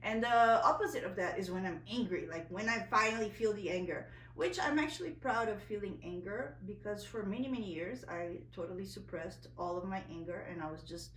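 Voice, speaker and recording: A woman's voice: mid-range voice, brisk, hardly any pauses, fairly bright tone, reverberant, far from the mic, a little hiss or hum, low-quality recording. Candid woman telling a personal story. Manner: candid, emotional, with many fillers and restarts. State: a little nervous. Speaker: vlogger.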